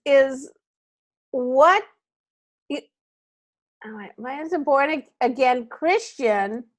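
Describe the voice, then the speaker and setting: A woman coaching comedy in casual talk, halting, with many fillers. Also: high voice.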